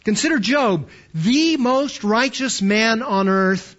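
A man in his fifties delivers a sermon in a notably high voice. He presses his points with emphatic, slowed stresses and rhetorical questions. The recording sounds muffled and lo-fi. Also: animated, a bit bright. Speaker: pastor.

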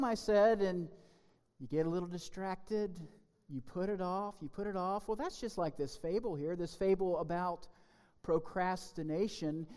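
Male pastor, high register, deliberate sermon delivery, long hall reverb. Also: darkish tone. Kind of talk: sermon with children's message.

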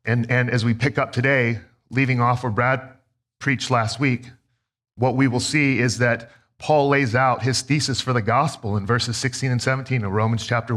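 A man in his thirties preaching a sermon as a pastor, telling stories in a conversational, self-deprecating way. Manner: conversational, self-deprecating storytelling with lively pitch swings.

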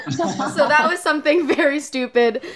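A woman's voice: high voice, a little slow. A young woman co-hosting a casual chat, telling stories and laughing often. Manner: chatty storyteller, laughs often.

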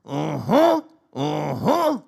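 A man doing an impression of a flamboyant male wrestler, with a raspy growl and drawn-out showy catchphrases. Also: a little high, huge pitch swings, darkish tone, exaggerated voice. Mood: boastful.

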